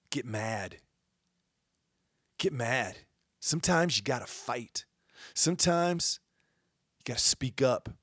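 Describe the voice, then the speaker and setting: A man hosting a podcast, giving an impassioned monologue that swells into loud rhetorical questions. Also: a little high, no echo, clean studio sound. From Indiana, United States. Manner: fiery, rising to shouted rhetorical questions. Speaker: podcast host.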